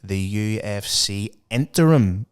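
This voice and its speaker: A man's voice: fairly low pitch, expressive, slow pace, smooth. A man co-hosting a podcast, chatting enthusiastically and with swearing about mixed martial arts. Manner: enthusiastic, sweary, previewing fights. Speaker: podcast co-host. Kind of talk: casual chat about MMA.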